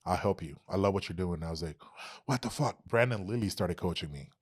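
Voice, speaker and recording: A man's voice: low voice, quick pace, slightly rough. A young man from Texas, a podcast guest telling stories casually, swearing often and acting out quoted dialogue. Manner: animated, profane storytelling, acts out quoted dialogue. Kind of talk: casual storytelling interview.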